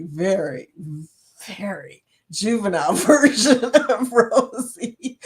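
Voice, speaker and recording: Her voice sits in the middle range with a darkish tone. She hosts a live stream, chatting casually with viewers and laughing often while reading their comments.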